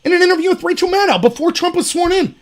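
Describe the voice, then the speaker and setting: A man hosting a political commentary show, talking in an animated and sarcastic way. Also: very high-pitched, rapid-fire. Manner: animated, sarcastic, mimics opponents mockingly. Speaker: host.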